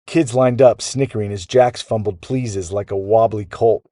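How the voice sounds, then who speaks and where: A man narrating a children's bedtime story in a lively, animated way. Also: lowish voice, normal speed, dry recording, studio quality.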